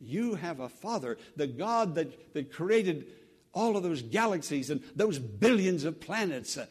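A man preaching a sermon as pastor, speaking earnestly, repeating words and dropping to a hush for prayerful phrases. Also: fairly high pitch. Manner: drops to a hushed voice for prayerful words. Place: church sanctuary.

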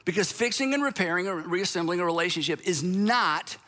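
Guy pastor preaching, bright tense voice, lots of hall echo. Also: lively intonation, a little fast. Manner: conversational, acts out quoted speakers in higher voice. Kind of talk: sermon.

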